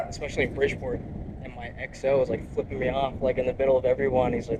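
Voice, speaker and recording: A young man talking in a relaxed, casual interview, blunt and peppered with swearing. His voice sits at an ordinary middle pitch. A faint hiss of background noise runs under his speech. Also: very fast. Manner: blunt, profane and joking. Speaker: interviewee, Marine reservist.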